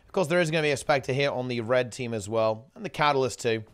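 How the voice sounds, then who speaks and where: A man's voice: medium pitch, fast talker, fairly bright tone, clean tone. A man casting a live online game tournament in a chatty, rambling way, often correcting himself mid-sentence. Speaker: esports tournament commentator. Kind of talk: casual live game commentary.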